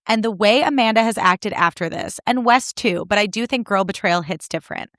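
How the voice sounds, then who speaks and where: A young woman hosting a solo podcast, recapping reality TV in animated, indignant, sarcastic talk with plenty of swearing. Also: medium pitch, fairly quick, hardly any pauses, no echo, clean studio sound. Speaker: podcast host.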